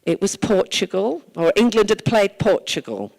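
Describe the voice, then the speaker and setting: Gravelly-voiced woman mayor telling stories. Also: mid-range voice, sing-song, normal speed, a little mellow, poor audio. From Wales. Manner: earnest, conversational storytelling. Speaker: town mayor. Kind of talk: informal address at a church service.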